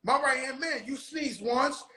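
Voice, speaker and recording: Loud, bright-voiced rowdy man host. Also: very high-pitched, measured pace, echoey room, poor audio. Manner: rowdy, profane storytelling with shouted bursts. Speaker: show host. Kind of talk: casual chat.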